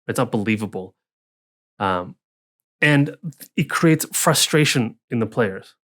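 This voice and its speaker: A man's voice: mid-range voice, lively intonation, takes it slowly, a bit bright. A man co-hosting a casual tabletop gaming podcast, rambling with restarts and acting out townsfolk lines. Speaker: podcast co-host, dungeon master. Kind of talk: casual chat.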